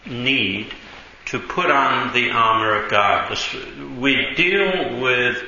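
A male pastor preaches in a loose, conversational way, stretching out key words for emphasis. His voice sounds bright and bounces around a very echoey church hall. The recording is dull and lo-fi with a faint noise underneath. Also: mid-range voice, expressive. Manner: conversational storytelling, drawn-out emphasis, frequent ums. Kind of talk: sermon.

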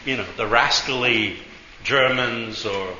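A man's voice: mid-range voice, takes it slowly, sharp tone, roomy sound, muffled recording, a little hiss or hum. A man preaching a sermon, telling a story in a chatty way, full of asides, and acting out the voices in it.

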